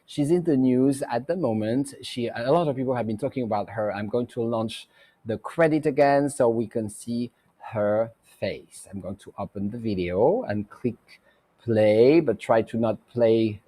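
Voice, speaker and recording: A man's voice: medium pitch, moderate pace, dark tone. A man hosting a psychic talk show, chatting loosely through a tarot reading with many fillers and restarts. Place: Mexico.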